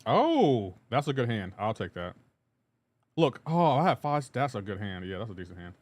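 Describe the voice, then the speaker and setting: Male streamer, relaxed and rambling, mid-range voice, reads chat aloud between plays. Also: medium pitch, normal speed. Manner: laid-back, reads chat messages aloud and answers them; rambling with frequent restarts and asides to gameplay. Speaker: live streamer. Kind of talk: casual gaming livestream chat.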